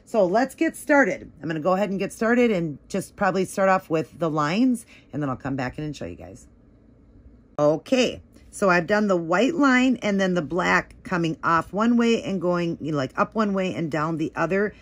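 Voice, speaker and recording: At home, a woman gives a casual, rambling nail art tutorial while she works, chatting with many "like" and "um" fillers. Her voice is lowish and animated, at a moderate pace.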